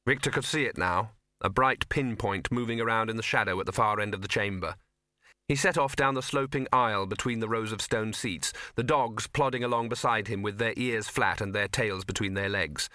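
Male audiobook narrator, measured storytelling, bright forceful tone, dry close mic. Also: fairly low pitch, dry recording. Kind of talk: scripted narration.

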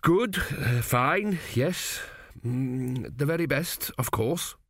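A man's voice: expressive, takes it slowly, creaky, a bit bright, no echo, studio quality, full character voice. A man voicing a nervous, unsure young king who hesitates and stammers. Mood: flustered. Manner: hesitant, stammering, raised pitch.

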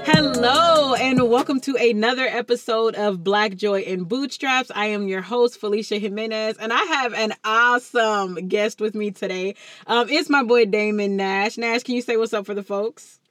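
A woman, hosting a casual podcast in a lively, chatty way. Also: fairly high pitch, normal speed, hardly any pauses, no echo. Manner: lively, chatty, uses Southern Black vernacular. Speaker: podcast host.

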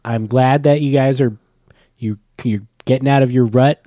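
A man with a mellow, warm voice trades jokes and teasing banter as a podcast co-host. He talks from a room at home into a microphone on a stand. The sound is dry. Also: mid-range voice, steady tone, normal speed, no room sound. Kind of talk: casual chat.

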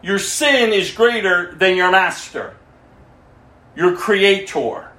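A man with a notably high voice preaches his testimony with fervor. He swings from loud outbursts to low, hushed passages. The sound carries the echo of a reverberant room. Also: animated, slow pace. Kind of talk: impassioned testimony sermon.

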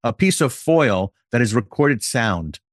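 A man hosting a podcast, talking deliberately and building ideas through playful hypothetical examples. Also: medium pitch, very animated, no echo, clean studio sound. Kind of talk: conversational podcast chat.

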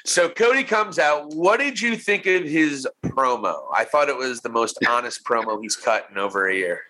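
A man co-hosting a casual wrestling podcast, animated and laughing, tossing in quick impressions of people. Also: medium pitch, rough recording. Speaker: podcast co-host.

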